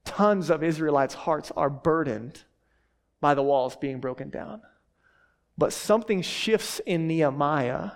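Brief: male pastor in his thirties from Texas, fast, animated preacher with a slightly raised pitch. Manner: fast talking, animated storytelling. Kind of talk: sermon.

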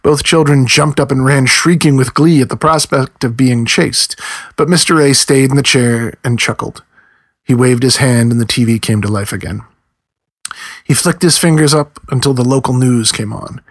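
A man reads a novel aloud in a measured storytelling voice with a husky, slightly breathy edge. His pitch sits in an ordinary middle range. He is recorded close and dry, with no room sound around him. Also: no room sound. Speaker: audiobook narrator. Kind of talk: scripted narration.

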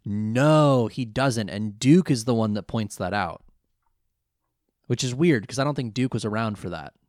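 A podcast co-host in his twenties recaps an anime episode in a casual show, telling it with animated energy and acting out the quotes. His voice is medium-pitched and measured in pace, with studio-quality sound and no room echo.

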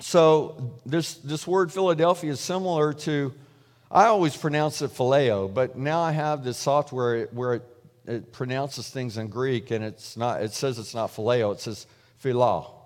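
A man's voice: mid-range voice, normal speed. Man preaching a conversational sermon in a reverberant hall. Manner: conversational storytelling, acts out quoted voices.

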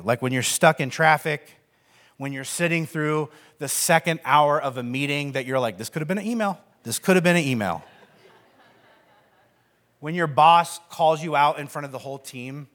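A man's voice: mid-range voice, a bit bright. A man in his thirties giving a conversational sermon as pastor, with self-deprecating humor and many fillers.

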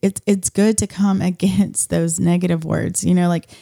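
A woman's voice: lowish voice, fairly even intonation, normal speed, creaky, dark tone, dry recording, clean studio sound. A woman co-hosting a casual faith discussion, chatty and affirming, laughing easily. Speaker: co-host of a church talk show.

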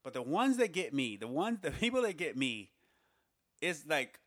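A man giving a casual spoken monologue, reasoning aloud with rhetorical questions and halting restarts. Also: on the high side, very animated, fairly bright tone, no echo. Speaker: commentator on society.

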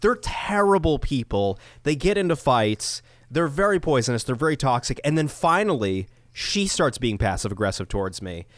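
A man's voice: mid-range voice, sing-song, moderate pace, hardly any pauses, no room sound. A young man co-hosting a podcast, telling an exasperated story with lots of swearing. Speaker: podcast co-host. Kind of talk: casual storytelling chat.

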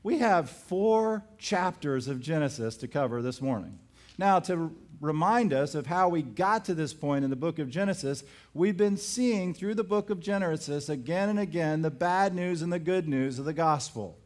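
A man's voice: fairly high pitch, animated, moderate pace, a little mellow. A man preaching a sermon as pastor, telling stories with acted-out quotes and pressing his points with emphasis.

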